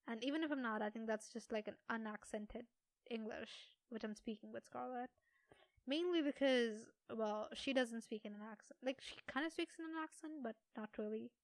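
A young woman hosting her own podcast, talking off the cuff in a somewhat high voice. She rambles, second-guesses herself and laughs often. The recording is close and dry, with no room sound. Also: vocal fry, no room sound. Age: young adult. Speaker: podcast host. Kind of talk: unscripted solo podcast chat.

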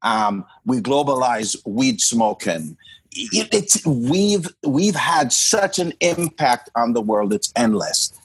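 Husky-voiced man from Jamaica, emphatic. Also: mid-range voice, big pitch swings, takes it slowly. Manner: emphatic, repeats and restarts words. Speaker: podcast co-host. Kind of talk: casual chat.

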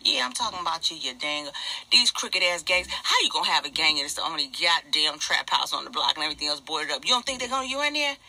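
Male comic as an indignant single mom, ex-nurse, cussing nonstop, gravelly, very bright and cutting edge. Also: on the high side, very animated, heavily acted. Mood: furious ranting. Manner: profane, fast, indignant ranting. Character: furious middle-aged woman, former nurse, single mother. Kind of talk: ranting stand-up character monologue.

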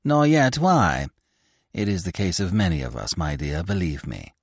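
A man's voice: sits low, big pitch swings, moderate pace, breathy edge, no room sound, studio quality, exaggerated voice. A man voicing a small, whimsical male comic actor with wry, philosophical remarks.

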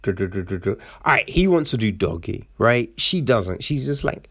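A man in a casual book review, rambling with frequent asides and acting out characters in quick quoted voices. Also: on the low side, very animated, fairly bright tone, husky, no echo, studio quality. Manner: rambling with frequent "right?" and "you know".

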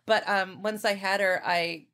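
A woman's voice: medium pitch, steady tone, a little slow, fairly bright tone. A woman guest on a podcast, talking in a chatty, effusive way with lots of fillers. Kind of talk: casual chat.

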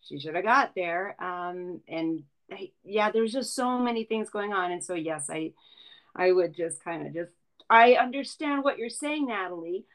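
A woman's voice: on the low side, a little slow, fairly bright tone, low-quality recording. Mom host talking to her viewers, stops and restarts a lot, earnest. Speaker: channel host, mother. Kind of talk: casual chat to viewers.

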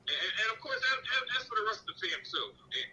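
A man's voice: sits high, sing-song, quick pace, bright, forceful tone. A man calling in to a podcast, rambling and full of fillers. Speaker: caller. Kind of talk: casual phone call-in. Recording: phone call with background noise.

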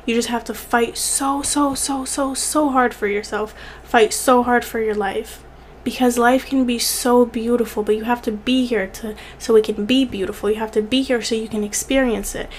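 Young woman, vlogger, earnest and tearful at times, repeats for emphasis, slightly high pitch, faint hiss. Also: steady tone, moderate pace. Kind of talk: heartfelt direct-to-camera encouragement.

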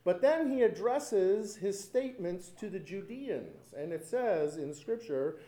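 A man's voice: high voice, lively intonation, unhurried, hardly any pauses, dark tone. A man preaching a sermon as pastor, telling stories with animation and repeating lines for emphasis.

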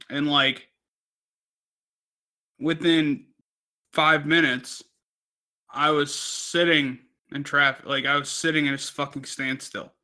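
A man's voice: a little high, bright, forceful tone. A man co-hosting a podcast, telling a rambling story in casual chat, swearing constantly. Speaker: podcast co-host.

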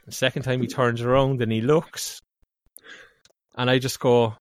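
A man's voice: mid-range voice, normal speed, long pauses, no room sound, clean studio sound. A man with a Cork Irish accent, co-hosting a podcast and telling a long anecdote, padding it with "like, you know.". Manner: animated anecdote with lots of filler "like, you know". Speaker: podcast co-host. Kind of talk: casual storytelling chat.

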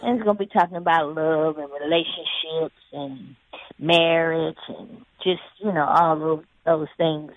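A woman's voice: low-pitched, steady tone, a little slow. A woman guest talking casually in a laid-back, rambling way and laughing often, calling in by phone. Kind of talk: casual interview chat. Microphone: phone call. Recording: tinny phone line.

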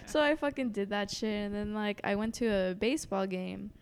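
A woman's voice: mid-range voice, brisk, vocal fry, crowd noise. Casual woman storyteller, cusses a lot, says like constantly, echoey room. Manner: swears a lot, laughs often, many fillers.

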